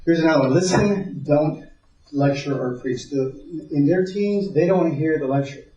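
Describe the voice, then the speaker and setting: A man's voice: a little high, normal speed, mellow. A man teaching a parenting seminar to a live audience, telling stories, repeating words as he thinks and checking in with the listeners. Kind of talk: conversational teaching talk. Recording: dull, roomy sound from far off.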